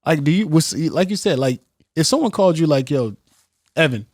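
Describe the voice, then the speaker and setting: A man's voice: fairly high pitch, expressive, brisk, darkish tone, no echo. Guy cohosting a podcast, goofy joking banter, dead dry mic. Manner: joking, acts out quotes in silly voices. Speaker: podcast co-host. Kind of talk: casual chat.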